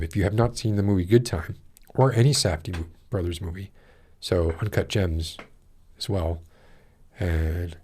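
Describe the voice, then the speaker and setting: A man's voice: low-pitched, a little mellow, slightly rough. A man hosting a podcast, chatting casually and rambling, with many restarts and fillers as he reads live chat comments aloud. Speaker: podcast host.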